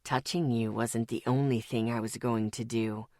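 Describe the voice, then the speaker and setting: Woman doing a deep creepy demon posing as a man, slow and taunting, hissing menace, dry close storybook recording. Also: dry recording. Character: sinister male demon speaking in a man's voice.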